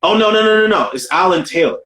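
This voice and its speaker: Animated, profane man in film chat. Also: high voice, quick pace. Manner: animated, profane, riffs and repeats himself. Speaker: podcast co-host.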